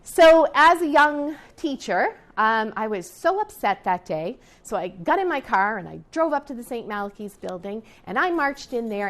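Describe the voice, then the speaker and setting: A middle-aged woman teaching a class in a chatty, storytelling way. She often backs up mid-sentence to restart, and turns to her students with quick asides. Her pitch sits in an ordinary middle range. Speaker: teacher and etiquette counselor.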